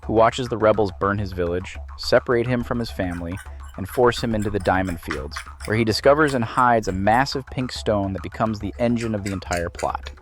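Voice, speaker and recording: A man narrates a scripted video essay in a measured, analytical way. His voice sits low, and a soft music bed plays under him.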